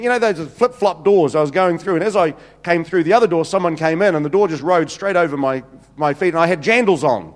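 NZ man preaching, jokey storyteller, slightly high voice, echoing hall. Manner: chatty, jokey, many restarts and "you know"s. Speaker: pastor. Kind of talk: humorous sermon storytelling. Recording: reverberant hall.

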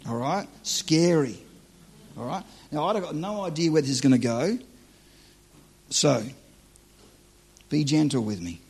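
A man's voice: fairly high pitch, expressive, unhurried, gravelly, pauses often, a little mellow, breathy edge. A man preaching live to a church audience, teaching on dreams in a joking, conversational, self-deprecating way.

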